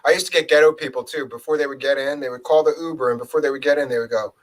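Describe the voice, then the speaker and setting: Dude telling ride stories, blunt, swears a lot, casual. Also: male voice, mid-range voice, steady tone, racing, poor audio. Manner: blunt, swears, quotes people. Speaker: co-host, former rideshare driver. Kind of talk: casual storytelling chat.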